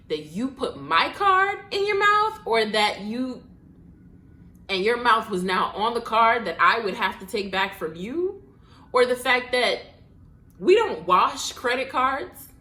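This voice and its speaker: A woman tells a story on her podcast, her bright voice swinging widely in pitch. She drops profane, mock-exasperated asides as she goes. The room around her rings with a noticeable echo. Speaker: podcast host. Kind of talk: casual storytelling monologue. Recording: echoey room.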